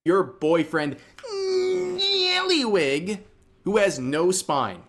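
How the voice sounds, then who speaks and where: Sarcastic man narrating commentary slowly. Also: fairly high pitch, lively intonation, a bit bright. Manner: mocking, sarcastic.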